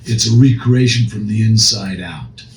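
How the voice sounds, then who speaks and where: A man's voice: on the low side, moderate pace. A man co-hosting a recovery podcast as a counselor, speaking earnestly and emphatically with frequent restarts. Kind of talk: casual discussion. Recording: echoey room, faint noise.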